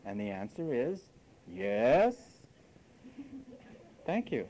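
A man's voice: on the high side, big pitch swings, normal speed, dark tone, slight background noise, poor audio. A man preaching a sermon, scolding and sarcastic, acting out quoted voices as he goes.

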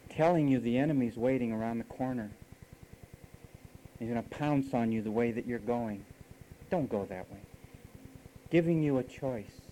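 A man preaching a sermon in an emphatic, teasing way, dropping to hushed asides between louder points. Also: medium pitch, a little hiss or hum, poor audio.

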